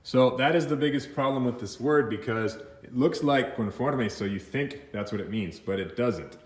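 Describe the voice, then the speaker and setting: In a recorded English vocabulary lesson, a man explains things slowly, with lots of fillers and restarts, now and then dropping in Spanish words. His pitch is medium, and the room sounds echoey.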